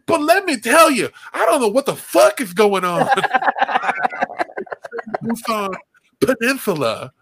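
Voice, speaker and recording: A man's voice: very high-pitched, big pitch swings, a bit bright, a little hiss or hum, pitched above the performer's own voice, full character voice. A man doing a drawling old wrestling legend. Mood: scornful. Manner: drawn-out, preachy storytelling, says "baby" a lot. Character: drawling aging male wrestling legend, folksy.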